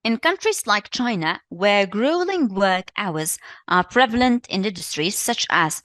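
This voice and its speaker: A woman with a Tunisian accent leads a live revision lesson, walking her students through exercises in English. Her voice sits in a mid range and comes across dry and close, with no room sound. She keeps repeating the answers and heaping on quick praise. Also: medium pitch, animated, a bit bright, dry recording. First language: Tunisian Arabic. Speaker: English teacher.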